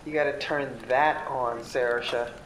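A woman voicing a laid-back female call center coworker with a low, drawling voice. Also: fairly even intonation, takes it slowly, poor audio. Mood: teasing.

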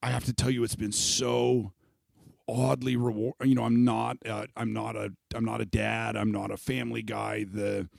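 A man's voice: fairly low pitch, level tone, moderate pace, creaky, no room sound, clean studio sound. A man in his thirties chatting casually as a podcast host, profane, self-mocking and emotional. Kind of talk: casual chat.

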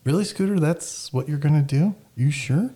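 A man imitating his father, who skeptically questions his son's poor choices with drawn-out, doubting questions. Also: a little high, expressive, dark tone, pitched above the performer's own voice, lightly acted. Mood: incredulous.

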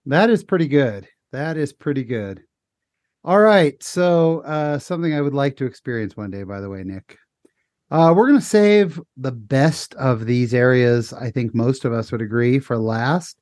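A man's voice: mid-range voice, expressive, moderate pace, darkish tone, dry recording, studio quality. A man hosting a podcast discussion, upbeat, calling on each panelist in turn. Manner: upbeat, steers the discussion, calls on guests. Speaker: podcast host. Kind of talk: casual chat.

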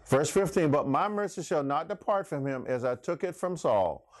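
A man's voice: fairly high pitch, animated, moderate pace, no echo. A middle-aged man teaching a Bible class in a folksy sermon style, asking the class questions. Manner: folksy, laughs often, asks the class questions.

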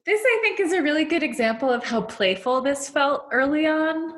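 A woman's voice: high voice, expressive, normal speed, fairly bright tone. A woman co-hosting a podcast, speaking in an enthusiastic, playful way in casual chat. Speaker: podcast co-host.

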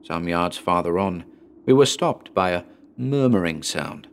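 A man giving a measured, dramatic scripted narration of a horror story. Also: low-pitched, animated, smooth. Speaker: audiobook narrator.

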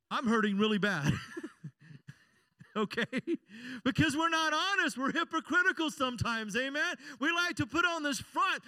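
High-voiced pastor preaching, bright and clear. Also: male voice, dry recording. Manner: conversational preaching, frequent call-and-response "amen?". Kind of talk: sermon.

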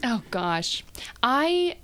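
A woman who performs on stage, a guest in a casual interview, bubbly and quick to laugh and agree. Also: a little high, big pitch swings, fairly bright tone.

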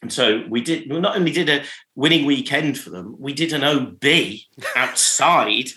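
This is a man chatting casually about his radio career and laughing often as he talks. He acts out callers and jingles along the way. His voice is bright and forceful, and it carries a noticeable room echo. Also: medium pitch, expressive, normal speed. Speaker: radio programmer, podcast guest. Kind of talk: casual anecdotal chat.

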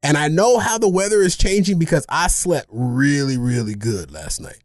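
A man co-hosting a podcast, telling a rambling, self-mocking story in casual chat, animated and funny. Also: on the high side, moderate pace, no room sound, studio quality. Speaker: podcast co-host.

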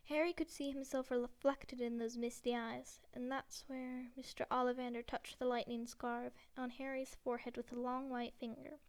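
High, clear woman reading a storybook. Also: little pitch movement, normal speed, hardly any pauses. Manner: plain reading with frequent slips and self-corrections. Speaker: narrator. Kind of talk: audiobook reading of a novel.

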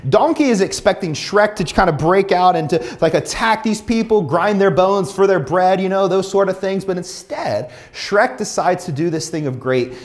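A young male pastor preaching in a relaxed, conversational way. His voice sits fairly high and rises and falls a lot as he talks straight to the congregation. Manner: conversational, addresses the congregation directly. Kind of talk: sermon.

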